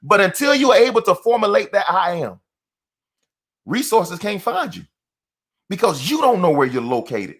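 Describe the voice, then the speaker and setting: A man's voice: sits high, very animated, normal speed, long pauses, fairly bright tone. A middle-aged man giving a motivational talk in an emphatic, repetitive, preacher-like cadence. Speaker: motivational speaker.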